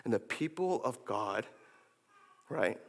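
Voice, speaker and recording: A man's voice: mid-range voice, expressive, takes it slowly, in a large hall. A man preaching a sermon in a playful way, acting out the voices of his listeners and of biblical figures. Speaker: pastor. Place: church sanctuary.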